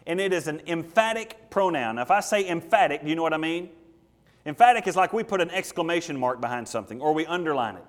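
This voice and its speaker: A man's voice: on the high side, lively intonation, fast, big-room sound. A man preaching a sermon as pastor, folksy in his stories and emphatic when he drives a point home.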